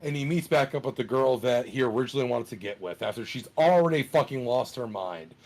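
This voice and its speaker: A man in a casual podcast chat, retelling a plot in an animated, profane way, with many fillers. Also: mid-range voice, a little fast.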